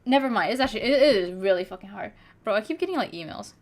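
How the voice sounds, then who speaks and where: A young woman vtuber streamer chats casually in a medium-pitched, expressive voice, talking fast. She rambles, using lots of fillers and swearing casually.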